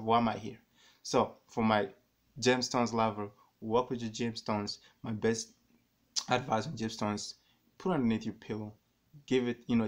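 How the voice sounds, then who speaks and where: A man vlogging to camera, telling a personal story in a rambling, animated way and repeating himself often. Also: lowish voice.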